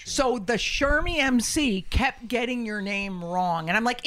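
A woman hosting a comedy podcast, brash and profane, often shouting and laughing. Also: on the high side, measured pace. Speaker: podcast host.

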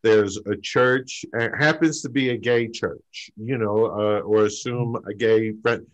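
A man telling a comic true story on stage, halting with fillers before deadpan punchlines. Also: on the low side, highs cut off. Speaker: open mic storyteller.

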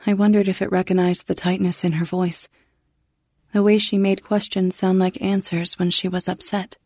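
A woman narrating a first-person science fiction story in a measured, restrained way. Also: mid-range voice, flat delivery, warm tone, slightly rough, dry recording, studio quality.

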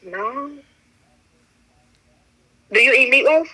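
Bright, husky woman trading teasing banter. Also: high voice, lively intonation, rough recording. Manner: teasing and playful, quick comebacks. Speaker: entrepreneur guest. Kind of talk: casual interview chat.

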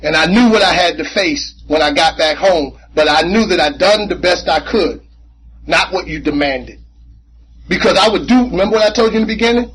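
A man speaking at a recovery meeting, telling his personal story in an animated, conversational way with casual slang and frequent repeats. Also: high-pitched, fairly quick, slightly rough, low-quality recording. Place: meeting room.

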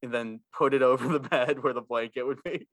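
A man co-hosting a podcast in casual chat, laid-back and quick to laugh. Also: mid-range voice, fairly even intonation, a bit bright, no echo. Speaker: podcast co-host.

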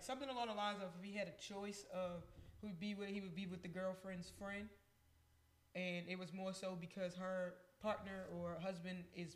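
A man co-hosting a podcast, ranting emphatically and swearing freely. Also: sits high. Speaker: podcast co-host. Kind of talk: casual chat.

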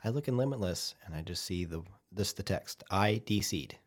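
On a podcast, a low-voiced man casually tells a gaming story at a moderate pace. He's animated, swears freely, and acts out what people said.

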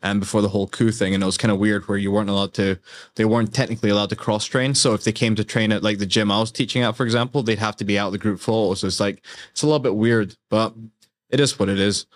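A man hosting a casual interview, chatty and quick to agree. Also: fairly low pitch, fairly even intonation. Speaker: interviewer, podcast host.

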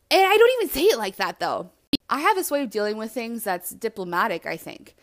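A woman hosting a podcast, talking alone in a blunt, animated and self-reflective way and swearing freely. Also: on the high side, fairly quick. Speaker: podcast host. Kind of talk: candid solo monologue.

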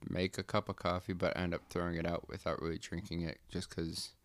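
A man's voice: low voice, little pitch movement, fast, no room sound, natural voice. A man playing a sleep-deprived, distracted patient who speaks plainly. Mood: tired.

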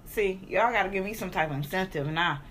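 A woman's voice: mid-range voice, fairly quick, fairly bright tone, slight background noise. A woman co-hosting a podcast, telling a story in laid-back, profane casual chat. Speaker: podcast co-host.

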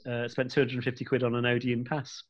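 A man's voice: mid-range voice, completely flat delivery, fast, muffled recording. English guy, rambly film chat, keeps restarting his sentences. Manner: rambling, chatty, self-correcting. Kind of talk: casual chat. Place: London.

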